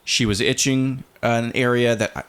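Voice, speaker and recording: A man in his thirties co-hosting a podcast in a relaxed, casual chat, with many fillers and restarts. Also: medium pitch, moderate pace, smooth. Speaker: podcast co-host.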